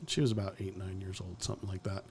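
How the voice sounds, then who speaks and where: A man's voice: low voice, level tone, quick pace, vocal fry, husky. A man hosting a podcast, giving blunt, profane opinions in casual talk and chuckling often. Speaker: podcast host.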